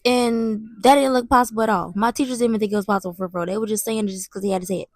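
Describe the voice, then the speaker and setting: A young woman vlogger telling a personal story in an animated way, often stuttering and restarting. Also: mid-range voice, very fast, no room sound, clean studio sound. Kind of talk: storytime vlog.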